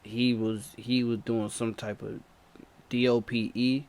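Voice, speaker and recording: A man's voice: medium pitch, flat delivery, a little slow, darkish tone. A man animatedly retelling a personal chase story in a slangy, repetitive, breathless way. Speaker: storyteller vlogger.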